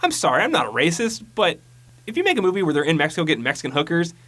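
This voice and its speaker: Podcast co-host, male, slightly high voice; rambling, crude, mocking movie recap. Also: wildly swooping pitch, very fast, sharp tone. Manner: rambling, profane, mocking retelling with mimicked quotes. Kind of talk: casual movie recap chat.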